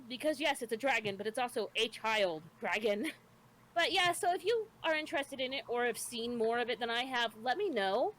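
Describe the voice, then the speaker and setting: A woman's voice: a little high, lively intonation, moderate pace, a bit bright. A woman with children, co-hosting a podcast, chatting casually as she retells an anime episode, laughing often and tripping over names. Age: adult with children. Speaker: podcast co-host.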